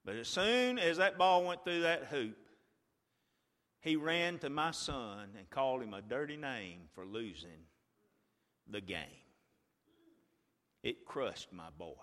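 A man preaching a sermon, retelling a story like a play-by-play and swinging from a hush to a shout. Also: on the high side, big pitch swings, measured pace, pauses often, big-room sound.

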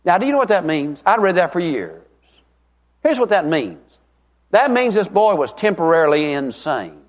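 A man's voice: high-pitched, very animated. A middle-aged man, preaching a revival sermon as an evangelist in a folksy, emphatic way, stretching out key words. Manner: folksy, emphatic, drawn-out stresses. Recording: long reverb of a large hall.

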